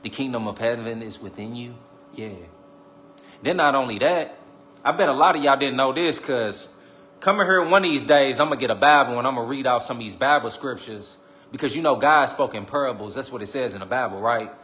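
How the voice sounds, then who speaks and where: A man hosting a live stream, preaching casually and teasing his viewers, repeating his lines and swinging between loud calls and quiet asides. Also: mid-range voice, fairly quick. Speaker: livestream host.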